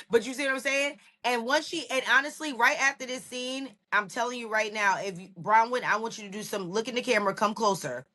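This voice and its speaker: A woman co-hosts a podcast recap in a lively, emphatic voice. Her pitch sits in the middle, and she speaks directly to the people she is discussing. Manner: animated, emphatic, talks straight to people. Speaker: podcast co-host. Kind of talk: casual recap chat.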